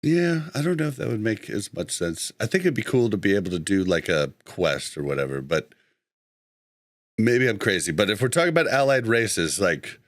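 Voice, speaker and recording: Man, podcast host, casual chat, low voice, dry sound, easygoing, easily sidetracked. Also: sing-song, moderate pace, dry recording. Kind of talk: casual chat, reading live chat.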